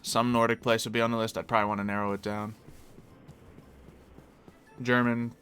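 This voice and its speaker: A man's voice: mid-range voice, little pitch movement, normal speed, fairly bright tone, clear, resonant tone, soft background music. A man streaming a game live, chatting casually and answering viewers as he plays. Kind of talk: casual live-stream chat while gaming.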